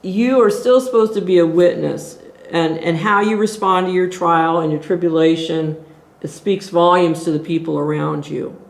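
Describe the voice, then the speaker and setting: A woman's voice: fairly low pitch, fairly even intonation, moderate pace, gravelly. Woman leading a Bible study in an echoey room. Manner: earnest, exhorting, thinking aloud. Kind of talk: teaching at a group Bible study. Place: church meeting room.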